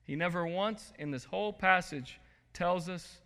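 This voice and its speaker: A man preaching a sermon as pastor, swinging from soft, quiet lines to loud bursts. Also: sits high, unhurried. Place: church sanctuary. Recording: long hall reverb.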